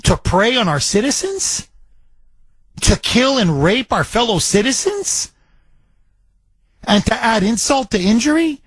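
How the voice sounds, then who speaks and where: A man's voice: very high-pitched, lively intonation, a little slow, pauses often, a bit bright, breathy edge, no room sound. A man hosting a political talk radio show, ranting in an indignant, emphatic way into a studio mic.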